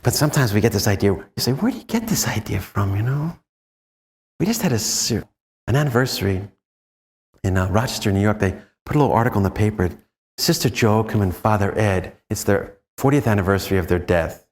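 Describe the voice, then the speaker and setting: A Jesuit priest giving a rambling, chuckling retreat talk, telling anecdotes and asking the group questions. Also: male voice, lowish voice, brisk, darkish tone. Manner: rambling, chuckling storyteller who asks the audience questions. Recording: long reverb in a large room.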